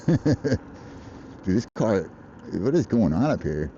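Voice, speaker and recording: An American man livestreams while biking outdoors in traffic, chatting in a rambling, profane way and laughing a lot. His lowish voice is very animated yet slow and warm, with the highs cut off and slight background noise.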